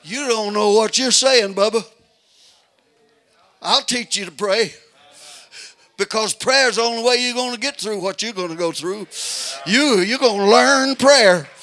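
An older man preaching a fiery revival sermon, moving from folksy storytelling to shouted exhortation. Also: sits high, unhurried.

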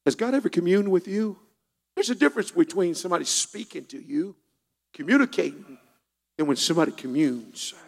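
High, gravelly-voiced preacher in a hall. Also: male voice. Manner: swings from hushed storytelling to shouted, half-sung preaching. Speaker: pastor. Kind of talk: sermon. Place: church. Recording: long reverb of a church hall.

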